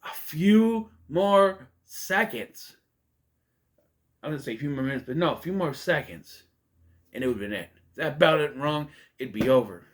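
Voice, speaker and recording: A man's voice: medium pitch, lively intonation, fast talker. A man casually reviewing a movie, rambling and conversational with many fillers and restarts. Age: adult.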